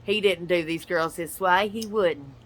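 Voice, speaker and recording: A woman with a fairly low voice, speaking a little slowly, rants angrily in a reaction video. A YouTuber and podcaster, she speaks directly to another person, blunt, profane and confrontational.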